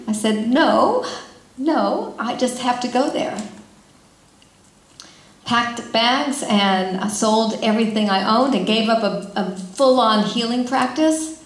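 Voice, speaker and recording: Middle-aged woman, inspirational speaker, higher pitch, animated and conversational, recorded in a roomy hall. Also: slow pace. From California. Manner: animated, chatty, asks the audience questions. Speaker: spiritual speaker. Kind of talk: inspirational talk to a gathering. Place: large room with an audience. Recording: echoey hall.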